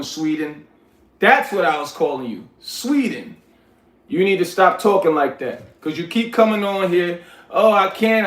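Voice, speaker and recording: A man with a New York accent chats on his livestream, answering comments one by one. His voice sits high, and he gives blunt, street-style advice. The sound rings in an echoey room. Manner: reads chat aloud, coaching and scolding viewers. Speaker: livestream host. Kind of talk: casual livestream chat.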